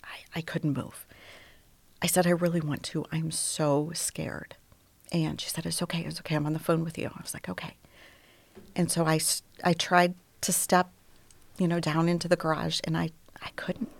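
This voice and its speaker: A middle-aged woman telling her personal story as an interview guest, softly, often dropping to a near whisper. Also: sits low, level tone, normal speed, gravelly, no echo.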